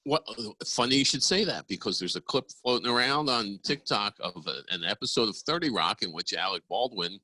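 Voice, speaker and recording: This is a man co-hosting a casual podcast, talking in a slightly low, bright tone. He rambles and restarts his sentences as he bickers with his co-host. The sound is dry and close. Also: animated, fairly quick, hardly any pauses, husky, dry recording, poor audio. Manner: rambling, restarts often, joking.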